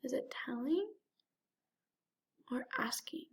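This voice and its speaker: A woman's voice: high-pitched, lively intonation, slow, vocal fry. A woman teacher giving a remote lesson to young children, talking directly to them in an encouraging, sing-song way.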